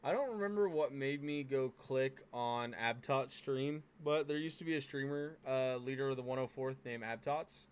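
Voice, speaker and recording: Male podcast host, casual and profane, clean smooth tone. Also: medium pitch, moderate pace, hardly any pauses. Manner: laid-back, swears freely. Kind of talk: casual gaming podcast chat.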